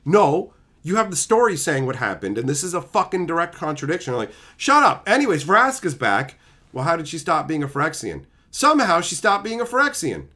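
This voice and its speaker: A man's voice: fairly high pitch, wildly swooping pitch, a little fast, sharp tone. A man streaming live, ranting with exasperated, profane mockery while reading chat.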